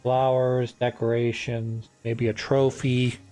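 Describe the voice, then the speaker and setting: A man's voice: medium pitch, level tone, slow pace, dark tone, soft background music. A man hosting a let's-play, chatting casually and drifting between topics as he plays, with lots of fillers and restarts. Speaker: gaming channel host. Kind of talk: rambling let's-play commentary.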